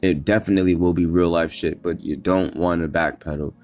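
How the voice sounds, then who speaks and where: A man's voice: low voice, steady tone, brisk, darkish tone, soft background music. A man hosting a solo motivational podcast, talking emphatically, swearing a lot and repeating himself as he pushes through. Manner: emphatic, repetitive and profane, with many restarts. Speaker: podcast host.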